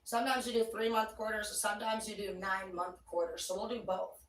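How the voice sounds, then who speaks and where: A woman's voice: mid-range voice, fairly even intonation, a little fast, slight background noise. Woman doing a tarot reading, swears a lot, rambles, kinda far from the mic, roomy echo. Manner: blunt, profane, rambling. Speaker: tarot reader. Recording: echoey room, voice away from mic.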